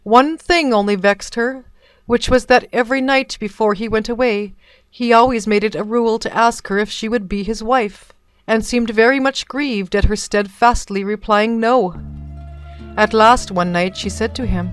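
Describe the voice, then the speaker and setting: A woman narrating a fairy tale in a measured, even storybook reading. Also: a little high, dry recording, soft background music.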